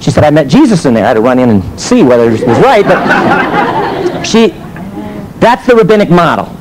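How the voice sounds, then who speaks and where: Lively man teaching with rhetorical questions. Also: on the high side, normal speed, a crowd in the background, noisy background. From United States. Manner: animated storytelling with rhetorical questions. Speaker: teacher and minister. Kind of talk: teaching sermon.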